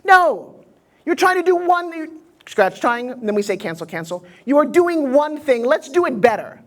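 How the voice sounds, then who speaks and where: A middle-aged American woman giving a live motivational seminar on pitching to an audience, blunt and punchy in delivery. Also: animated, normal speed. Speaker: motivational speaker teaching pitching.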